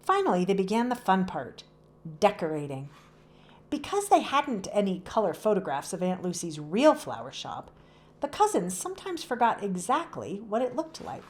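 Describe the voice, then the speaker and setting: A young adult woman reading a children's chapter book aloud with expressive storytelling. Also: mid-range voice, moderate pace. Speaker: read-aloud host.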